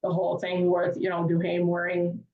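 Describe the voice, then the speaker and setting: A woman's voice: lowish voice, monotone, normal speed. A woman guest on a podcast telling stories casually, chatty with lots of filler phrases. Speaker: podcast guest, hockey fan. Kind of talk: casual storytelling. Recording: distant, echoey, dull remote audio.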